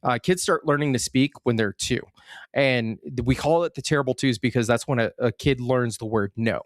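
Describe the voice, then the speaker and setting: A man's voice: medium pitch, normal speed, dry recording, studio quality. A man, a podcast co-host and father, explaining at length in casual chat, with frequent restarts.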